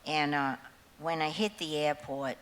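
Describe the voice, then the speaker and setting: A woman's voice: deep voice, fairly even intonation, measured pace, a bit bright, clear, resonant tone. A woman in her seventies telling rambling stories to a concert audience. She laughs often and swears freely. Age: 70s. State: nervous before going on. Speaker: singer addressing a concert audience. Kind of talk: rambling onstage storytelling. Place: large concert hall with an audience. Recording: echoey hall with faint hiss.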